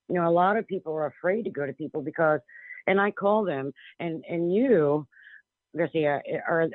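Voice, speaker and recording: A woman's voice: on the low side, no echo. Blunt woman on a tinny phone line. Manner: blunt, emphatic, frequent restarts. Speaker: psychic medium guest. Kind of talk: phone-in radio interview. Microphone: telephone.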